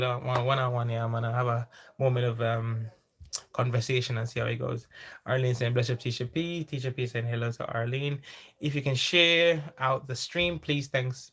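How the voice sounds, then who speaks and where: A man's voice: mid-range voice, a bit bright. A man with a Jamaican accent hosting a livestream, chatting casually, reading out viewer comments, laughing often and slipping into patois. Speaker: livestream host. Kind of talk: casual live-chat reading.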